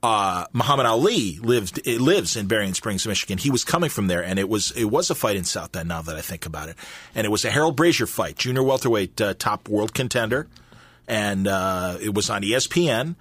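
A man in his fifties hosting a podcast in a studio, telling stories in a lively, chatty way. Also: lowish voice, a little fast, dry recording. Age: 50s. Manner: animated storytelling with quoted voices. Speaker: podcast host. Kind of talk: casual chat. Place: recording studio.

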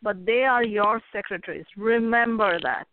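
A woman's voice: mid-range voice, moderate pace. A woman author and coach, the interview guest, giving earnest advice and telling folksy stories. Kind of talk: casual interview talk. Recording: phone line with faint noise.

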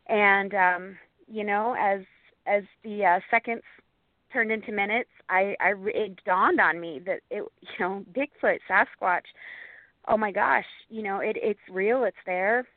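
A woman's voice: mid-range voice, no echo. Earnest woman on a tinny phone line. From Montana, USA. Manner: earnest, halting storytelling with many restarts. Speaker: guest, Bigfoot researcher and author. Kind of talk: interview storytelling.

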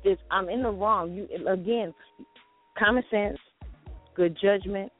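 A co-host speaking in casual chat, halting and stammering with many restarts. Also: mid-range voice, faint music behind. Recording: muffled phone-like audio.

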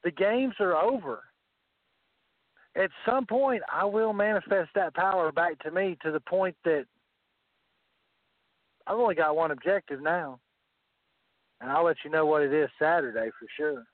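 A man's voice: a little high, normal speed, long pauses, no echo. Southern man, wrestling commissioner, menacing braggart; phone-quality, dry sound. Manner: boastful, menacing. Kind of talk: wrestling promo trash talk. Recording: tinny phone line, dry.

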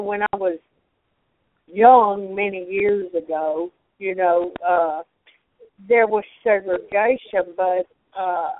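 An older woman hosting a casual conversation, blunt and rambling, with many pauses and fillers. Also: medium pitch, no echo. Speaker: host. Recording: tinny phone line, dry.

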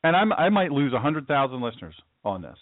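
A man's voice: mid-range voice, sing-song, fast, no room sound. A male talk show host delivering an impassioned political monologue from his studio, emphatic and repetitive, often stammering and restarting as he pushes his point. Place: home studio. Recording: dry, tinny phone-like sound.

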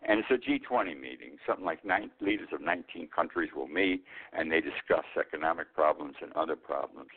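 A man in his eighties, an older host, delivers a blunt, rambling monologue of political commentary. His voice is husky and rumbling low, brisk with few pauses, heard over a tinny, phone-like line.

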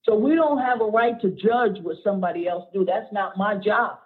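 Tinny, phone-like audio captures a middle-aged woman pastor whose mid-range voice carries a breathy edge at normal speed. She preaches with passion, occasionally near tears, urging her congregation to call back.

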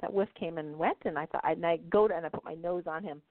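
A woman's voice: on the low side, fast, no echo. A woman hosting a talk show, telling stories in a chatty way, laughing often and checking in with "right?". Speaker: podcast host, intuition teacher. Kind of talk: casual storytelling talk. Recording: phone-like narrow band, dry.

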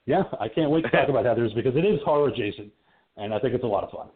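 A man's voice: medium pitch, expressive, rapid-fire, breathy edge. A man hosting a podcast, chatting casually about horror films and laughing often. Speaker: podcast host. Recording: phone-like call audio.

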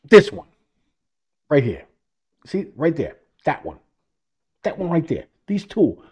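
A man's voice: on the high side, wildly swooping pitch, slow pace, a little mellow, breathy edge. A man hosting an internet radio show, delivering a sarcastic, rambling political monologue and repeating himself.

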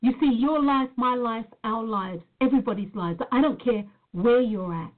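A life coach addresses the camera in an earnest motivational talk, leaning on repeated words for emphasis. Her voice sits on the higher side at a moderate pace, with tinny sound like it came through a phone.

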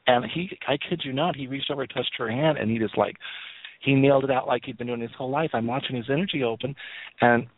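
A man's voice: medium pitch, fast talker, no echo. A man in his fifties telling family stories in a rambling, casual way on a radio call, full of restarts and laughs. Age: 50s. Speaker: psychic radio guest. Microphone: phone line. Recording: tinny phone line, dry.

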